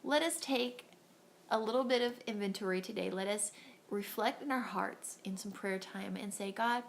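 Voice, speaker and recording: Gravelly-voiced woman giving a devotional. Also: mid-range voice, normal speed, a little hiss or hum. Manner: earnest, encouraging, acts out little voices. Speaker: devotional host. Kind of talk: women's devotional talk.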